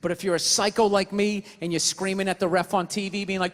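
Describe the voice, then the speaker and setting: A man's voice: sits high, level tone, fast talker, a bit bright, in a large hall. A male stand-up comedian on stage, ranting sarcastically and swearing a lot.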